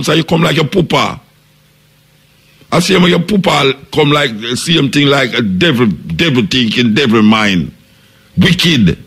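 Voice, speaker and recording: A Jamaican man with a gravelly, husky voice holds forth as a radio host. He preaches his point and keeps throwing out rhetorical questions, now and then acting out what other people would say. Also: on the high side, fairly bright tone. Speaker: radio talk show host. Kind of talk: reasoning monologue on radio.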